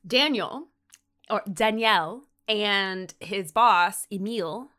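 A woman's voice: mid-range voice, slow pace, pushed and bright, clear, resonant tone. A woman co-hosting a podcast, recapping a TV episode in casual chat, rambling with lots of "like" fillers and frequent laughs. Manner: chatty, rambling with many "like" fillers, laughs often. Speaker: podcast co-host.

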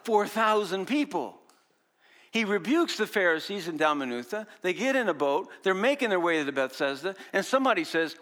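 A man preaching a sermon, animated, swinging from loud exclamations to quiet explanations and acting out the disciples' voices. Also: sits high, moderate pace. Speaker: pastor.

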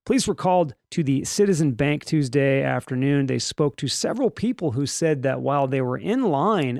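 A man's voice: fairly high pitch, a little mellow, no echo, studio quality. A man hosting a casual news podcast, rambling and joking through the stories with restarts and mock voices. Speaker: podcast host.

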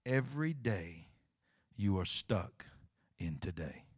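Animated preacher, dry sound. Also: male voice, deep voice, slow pace, slightly rough, no room sound. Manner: animated storytelling, acting out scenes, swinging from quiet to shouting. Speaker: pastor. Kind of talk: sermon.

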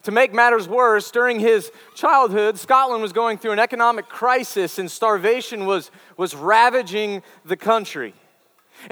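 Guy preaching, chatty story sermon, keeps saying right?, high voice, long hall echo. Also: pushed and bright. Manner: chatty, frequent "right?" asides and repeated words. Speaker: campus ministry preacher.

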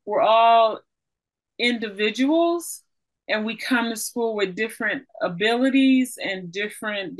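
A woman's voice: mid-range voice, low-quality recording. A woman interviewing a guest, laughing easily as she asks questions.

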